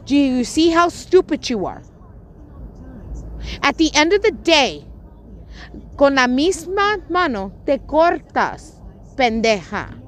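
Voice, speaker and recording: Woman going off on a live stream, swearing a ton, kinda high voice. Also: big pitch swings, slow pace, pauses often, a bit bright, a little hiss or hum. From Puerto Rico. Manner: profane, confrontational, scolding. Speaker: livestream host. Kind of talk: angry livestream rant.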